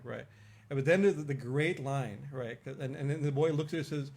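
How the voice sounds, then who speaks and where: A man's voice: mid-range voice, moderate pace, gravelly, a little mellow. A man, a swami giving an informal religious discourse, telling stories in a chatty way with frequent laughs and restarts. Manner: chatty storytelling, laughs often, many restarts. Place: temple hall.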